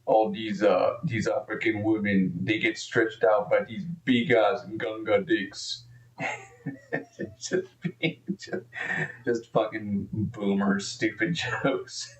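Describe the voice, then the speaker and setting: A man's voice: lowish voice, little pitch movement, takes it slowly, roomy sound, distant mic. A man live-streaming and commenting casually, profane and rambling, easily exasperated.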